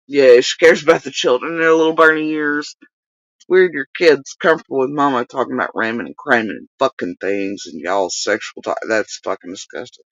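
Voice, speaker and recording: A woman's voice: deep voice, lively intonation, moderate pace, dry recording, poor audio. Foul-mouthed woman ranting on a livestream. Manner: profane, mocking rants. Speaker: livestream host. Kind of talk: casual livestream commentary.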